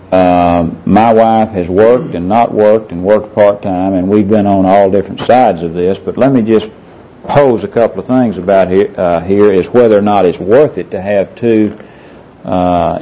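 A middle-aged man with a low, dark, steady voice leads a Bible discussion at a measured pace. He is earnest and quotes scripture by chapter and verse in this Bible teaching talk, captured on a muffled lo-fi recording.

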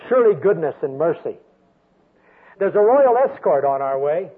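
An older man preaching a sermon with a storytelling manner, swinging from loud emphasis down to a soft hush. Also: on the high side, very animated, normal speed, long pauses, breathy edge. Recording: tinny phone-like radio sound.

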